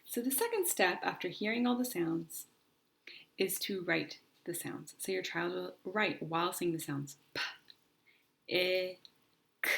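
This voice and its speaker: A woman teaching parents how to practice spelling at home, explaining each step patiently and sounding out letters slowly, sometimes dropping to a soft whisper. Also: on the low side. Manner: patient, deliberate, models sounds slowly and clearly. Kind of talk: instructional explanation.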